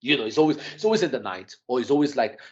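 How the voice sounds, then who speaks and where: A man telling a story in casual chat, animated and full of restarts, his voice jumping up when he is shocked. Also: medium pitch, rapid-fire, lo-fi sound. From Nigeria and the UK. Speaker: podcast guest.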